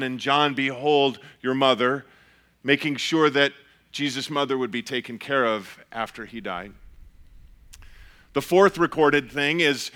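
A pastor giving an earnest, measured sermon, often restarting his phrases. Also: mid-range voice, sharp tone.

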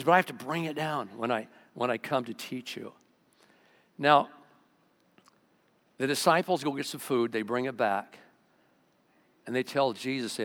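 A pastor preaching a sermon in an animated way, swinging from loud excited bursts to low quiet asides. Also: male voice, normal speed. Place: church sanctuary. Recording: long reverb of a large church hall.

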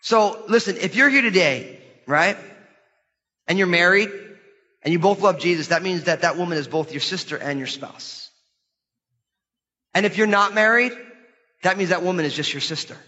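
A middle-aged man preaching a sermon in a church, lively and questioning his congregation. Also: sits high, moderate pace, long pauses. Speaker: pastor. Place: church hall. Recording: dull sermon recording in a large hall.

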